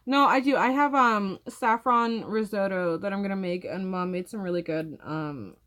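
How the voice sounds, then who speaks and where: Young woman, casual storyteller who rambles, average pitch. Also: moderate pace, fairly bright tone. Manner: rambling storyteller, heavy use of "like". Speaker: vlog co-host. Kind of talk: casual chat.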